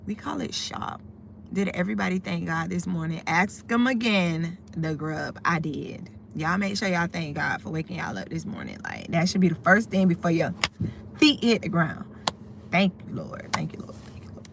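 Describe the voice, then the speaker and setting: A talkative middle-aged woman from the United States streams live from her car outside a store, greeting her chat and wandering from story to story. Her voice sits fairly low and has a gravelly edge. Faint background noise hums under the recording. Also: expressive, moderate pace. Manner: chatty, easily sidetracked, greets viewers by name.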